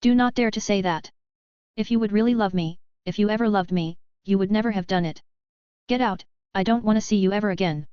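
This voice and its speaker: A woman's voice: medium pitch, fairly quick, warm tone, smooth, dry recording, lo-fi sound, close to an everyday voice. A woman reading a furious, betrayed young queen in an accusing voice. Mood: angry. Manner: angry, accusing.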